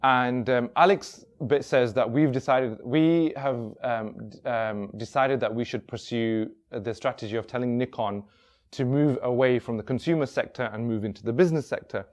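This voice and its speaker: A man's voice: medium pitch, normal speed. Rambling male workshop storyteller. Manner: rambling, many fillers and restarts. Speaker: workshop speaker. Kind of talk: casual storytelling.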